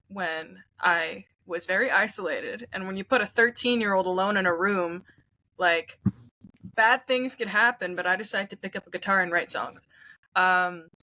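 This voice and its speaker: A young woman in her late teens talks as a musician guest, her voice bright and forward at a middle pitch. She tells her story in a chatty way, restarting sentences as she goes. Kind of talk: interview conversation.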